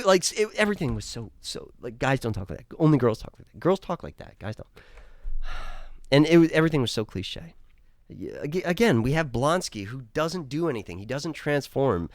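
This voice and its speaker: Man, profane exasperated reviewer, animated delivery. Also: a little high, brisk, dry recording, studio quality. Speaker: show reviewer. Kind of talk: casual review rant.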